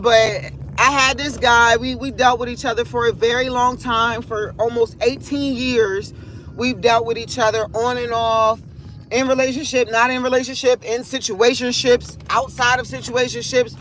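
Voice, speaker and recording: This woman's voice is a little high and fairly bright as she hosts a livestream. She delivers a casual, candid monologue about her feelings that is rambling, profane and emotionally open.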